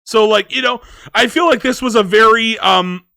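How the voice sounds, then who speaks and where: A man's voice: high-pitched, normal speed, creaky, pushed and bright, dry recording, studio quality. A man giving a casual movie review, rambling with lots of filler words.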